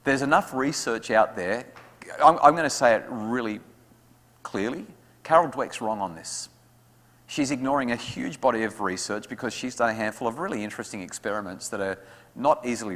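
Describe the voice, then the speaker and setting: A man speaking to parents at an evening talk, lively and acting out what his kids say. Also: medium pitch, moderate pace. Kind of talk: talk to an audience with questions. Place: school hall. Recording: hall reverb.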